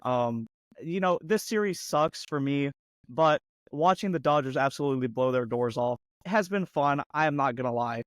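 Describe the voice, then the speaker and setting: A man co-hosting a sports podcast, ranting heatedly and mocking a team with rapid-fire rhetorical questions, his voice going hoarse. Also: medium pitch, no room sound. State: losing his voice. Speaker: podcast co-host.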